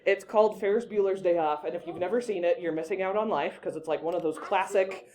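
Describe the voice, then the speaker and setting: A woman teaching public speaking to a class with a mellow, warm voice. She talks in a lively, chatty way and breaks off now and then to direct her students. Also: lowish voice, quick pace. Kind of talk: casual classroom lesson.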